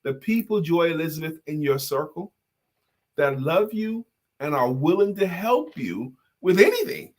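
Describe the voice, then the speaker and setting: A man co-hosting a talk show, chatting casually and telling animated stories. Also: on the high side, moderate pace. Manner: animated storyteller, acts out voices in jokes and stories. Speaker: podcast co-host. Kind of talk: casual chat with storytelling.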